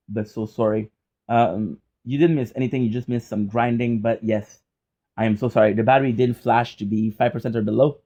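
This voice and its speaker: A man's voice: mid-range voice, dark tone. Rambling young man on a dull mic. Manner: rambling, restarts and fillers, swears casually. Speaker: gaming vlogger. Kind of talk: casual rambling vlog chat. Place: hot apartment.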